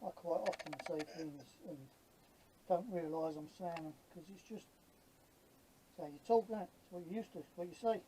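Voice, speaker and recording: A man's voice: high-pitched, normal speed, noisy background. A man in his fifties with a London Cockney accent, chatting casually while building models, blunt and jokey, swearing freely. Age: 50s. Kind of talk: casual workshop chat.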